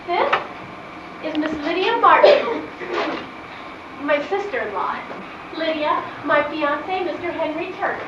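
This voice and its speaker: A woman's voice: high voice, animated, slow, long pauses, noisy background. A woman playing a sweet, fussing widowed mother introducing her fiancé, in an amateur stage play. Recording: distant muffled echoey stage recording.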